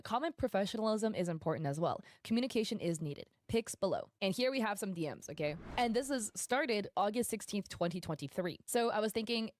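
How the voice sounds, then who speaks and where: A woman streamer reads posts and messages aloud to viewers at a brisk clip, adding emphatic, indignant commentary between quotes. Her medium-pitched voice is a little mellow, close and dry on the mic with no room sound.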